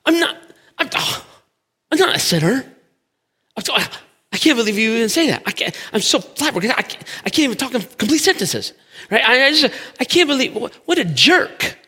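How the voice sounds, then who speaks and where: A man voicing an indignant, defensive male churchgoer who sputters in flustered, high-pitched outbursts. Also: sing-song, brisk, bright, forceful tone, husky, heavily acted. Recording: long hall reverb.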